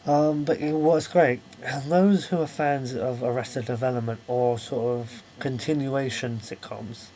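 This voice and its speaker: A young man talking straight to camera in a casual vlog review. He rambles and apologizes, restarting his thoughts often, in a middle-pitched voice with some faint noise behind him. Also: steady tone, measured pace, mellow, poor audio. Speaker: video reviewer.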